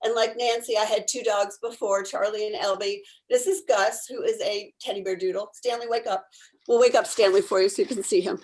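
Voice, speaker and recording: A woman's voice: medium pitch, steady tone, a little fast, a little mellow, low-quality recording. A woman volunteer chatting animatedly on a video call, telling stories about her therapy dogs and laughing often. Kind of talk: casual storytelling on a video call.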